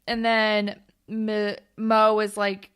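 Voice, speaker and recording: A woman's voice: mid-range voice, completely flat delivery, very slow, fairly bright tone, clear, resonant tone. A young woman co-hosting a podcast, recapping a TV episode in casual chat, laughing often and filling with "like" and "um". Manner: chatty, laughs often, lots of "like" and "um". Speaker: podcast co-host.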